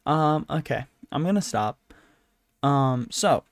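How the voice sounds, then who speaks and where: A tired man hosts a podcast alone at a desk with a handheld mic, chatting casually, rambling, putting himself down and apologizing often. His fairly high voice is expressive, unhurried and a little mellow, with long pauses, on a dry, clean studio recording.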